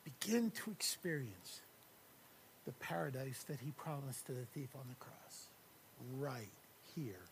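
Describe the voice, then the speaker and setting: A man preaching a sermon, moving from quiet, hushed passages to loud, shouted high points. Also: sing-song, measured pace, slight background noise. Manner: dynamic preacher, swings from hushed near-whispers to loud shouted climaxes. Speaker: pastor.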